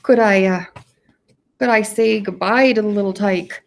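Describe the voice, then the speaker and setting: A woman voicing a big, shaggy, soft-hearted male groundskeeper with a rustic, stammering way of talking, read from a storybook. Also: mid-range voice, moderate pace, natural voice. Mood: earnest. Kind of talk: storybook reading aloud.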